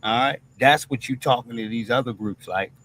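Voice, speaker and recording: A man's voice: mid-range voice, moderate pace, a bit bright, slight background noise. A man hosting a streamed commentary monologue, talking bluntly with plenty of profanity and a habit of asking "all right?" after nearly every point. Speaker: host.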